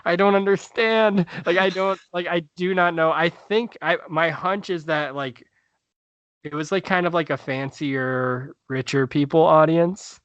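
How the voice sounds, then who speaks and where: A man's voice: on the high side, fairly even intonation, unhurried, a bit bright, smooth, no room sound, dull audio. A male stand-up comedian telling a story in a casual podcast chat, rambling with many fillers and restarts.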